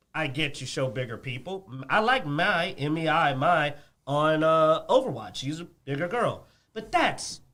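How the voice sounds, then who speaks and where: A man with a high, bright voice that swings widely in pitch, ranting about games on a casual chat show. He gets animated and laughs often. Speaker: podcast co-host.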